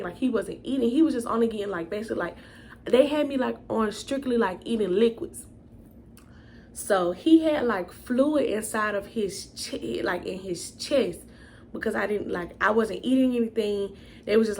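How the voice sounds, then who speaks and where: Chatty young woman with a gravelly voice. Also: mid-range voice, darkish tone, slight background noise. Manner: casual, chatty, addresses viewers as y'all. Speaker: vlogger. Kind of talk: storytime vlog.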